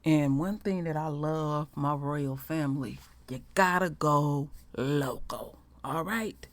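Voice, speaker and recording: A woman hosting her own channel, talking softly and chattily to her viewers. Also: sits low, slow, no room sound. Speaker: channel host. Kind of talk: casual commentary.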